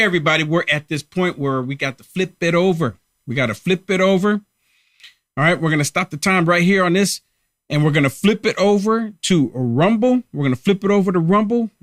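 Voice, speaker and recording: A man's voice: on the high side, fairly bright tone, no room sound, studio quality. A man hosting a live political commentary stream, talking emphatically and repeating himself to rally viewers. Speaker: host of a political livestream.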